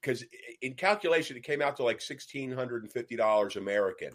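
A man's voice: mid-range voice, lively intonation, quick pace, fairly bright tone. A man in a casual chat, chiming in with short reactions and hesitating with fillers.

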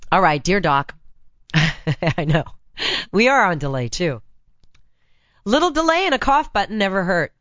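Hoarse raspy woman radio host. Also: lowish voice, sing-song, a little slow, long pauses, fairly bright tone, no room sound, lo-fi sound. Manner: chatty, blunt, teasing. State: hoarse from laryngitis. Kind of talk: talk radio advice monologue. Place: radio studio. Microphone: studio microphone.

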